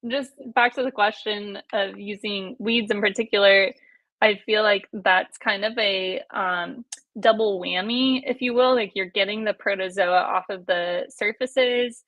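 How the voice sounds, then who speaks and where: A woman's voice: medium pitch, steady tone, unhurried, a bit bright, no echo, highs cut off. A woman guest on a podcast, explaining her ideas thoughtfully in casual chat.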